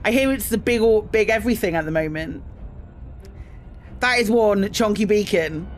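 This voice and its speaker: Speaking at normal speed with lively intonation and a medium pitch, a British woman chats casually with her viewers while streaming a space game. Greetings come in bursts, and her talk is sprinkled with ums and jokes at her own expense.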